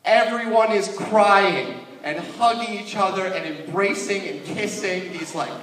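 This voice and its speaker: A young man telling a stand-up story on stage, animated and laughing at his own tale. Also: high voice, a little slow. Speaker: stand-up comedian. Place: stage in a hall with an audience. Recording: echoey, distant, noisy hall.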